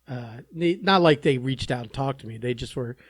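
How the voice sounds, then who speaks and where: A man's voice: medium pitch, normal speed, dry recording, clean studio sound. A man co-hosting a podcast in casual chat, making wry quips with hesitant fillers. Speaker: podcast co-host.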